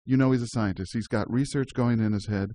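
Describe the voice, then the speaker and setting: A man's voice: medium pitch, steady tone, brisk, mellow, no echo. Chatty man hosting radio. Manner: chatty, laughs easily, restarts often. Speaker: radio show host. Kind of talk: casual community radio chat.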